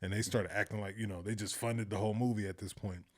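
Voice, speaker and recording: A man talking casually in an interview, telling lively anecdotes, acting out the voices of the people in them and laughing often. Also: on the low side, quick pace. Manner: animated storyteller, acts out quoted voices, laughs often. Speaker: filmmaker guest.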